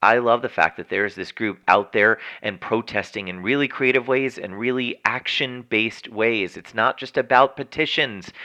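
A man hosting a news commentary segment, reading stories and adding his own chatty, opinionated remarks. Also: mid-range voice. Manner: chatty, editorializing, animated. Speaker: news show host.

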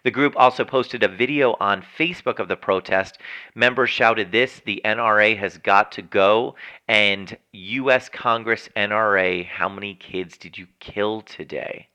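A man's voice: on the low side, a little slow. A man hosting a news commentary segment, reading stories and adding his own chatty, opinionated remarks. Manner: chatty, editorializing, animated. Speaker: news show host.

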